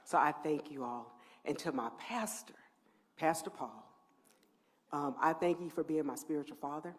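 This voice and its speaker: At a press event, a middle-aged woman heading a housing agency speaks from the heart into a podium microphone, her deep voice moving at a normal speed. While thanking people, she shifts from almost whispering to loud, emphatic bursts.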